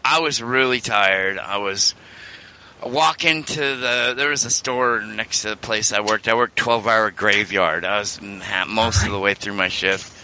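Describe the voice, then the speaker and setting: Bright-voiced rambling male host. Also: on the low side, fairly even intonation, measured pace, slight background noise. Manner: rambling, many restarts and fillers. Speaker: radio show host. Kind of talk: casual storytelling chat.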